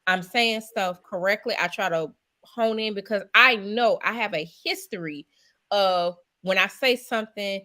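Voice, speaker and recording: Measured woman on a podcast. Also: medium pitch, sharp tone. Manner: measured, restarts her sentences. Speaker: podcast co-host. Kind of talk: casual chat.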